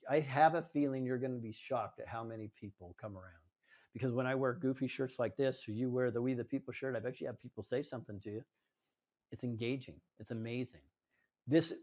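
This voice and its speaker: A man's voice: medium pitch, darkish tone. A man speaking as a guest at a live event, telling stories in a conversational way and often checking in with the audience. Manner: storytelling, conversational, asks "right?". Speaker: guest speaker, home builder. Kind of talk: anecdotal talk to a live audience. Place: indoor venue in front of an audience.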